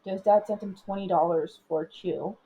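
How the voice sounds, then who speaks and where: A woman's voice: mid-range voice, fairly even intonation, normal speed, mellow, husky, lo-fi sound. A young woman co-hosting a casual chat podcast, rambling through a personal story with lots of filler words. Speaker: podcast co-host.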